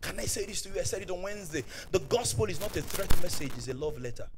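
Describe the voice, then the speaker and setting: High-pitched, animated Nigerian preacher man. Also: rapid-fire, few pauses, over loud music. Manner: fervent, swings from hushed to shouting; mixes Pidgin asides into preaching. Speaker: pastor. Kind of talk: preaching a sermon.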